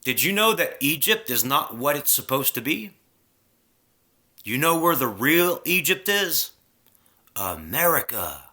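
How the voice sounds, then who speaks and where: A man's voice: a little high, sing-song, a little slow, long pauses, pushed and bright. A man in a casual spiritual rant, heated and preachy, swearing freely.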